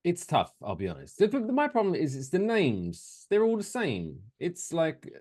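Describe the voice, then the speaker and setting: A man's voice: a little high, huge pitch swings, moderate pace, a little mellow. A man co-hosting a casual podcast, joking loosely and swearing freely. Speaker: podcast co-host.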